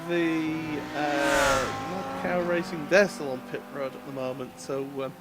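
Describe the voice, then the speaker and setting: A man's voice: on the high side, fairly even intonation, measured pace. A man commenting a sim racing stream live, chatty and full of fillers, laughing easily. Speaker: race commentator. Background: race car engine noise.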